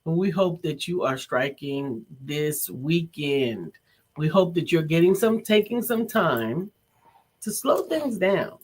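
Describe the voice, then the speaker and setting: A woman's voice: low-pitched, expressive, a little mellow, husky. A woman in her fifties hosting an online talk show, chatting casually and chiming in with affirmations. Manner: unhurried, chimes in with affirmations. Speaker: host, executive coach. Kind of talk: casual chat greeting viewers.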